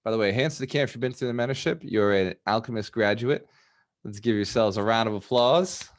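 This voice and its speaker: A man coaching a live online group, energetic and repetitive, often laughing as he talks. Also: on the low side, quick pace. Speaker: business coach.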